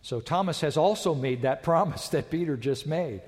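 Male preacher, fairly high voice, dramatic sermon delivery, big church reverb. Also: normal speed. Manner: dramatic preaching, swings from loud to hushed. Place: church with a balcony. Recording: long reverb of a large church.

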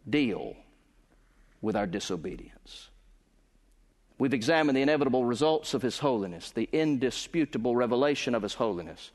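Male pastor, emphatic pulpit delivery that climbs at climaxes and lingers on key words; high pitch, ringing hall. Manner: emphatic preaching, swelling louder and higher at climaxes, slowing on key words. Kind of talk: sermon. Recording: long reverb of a large hall.

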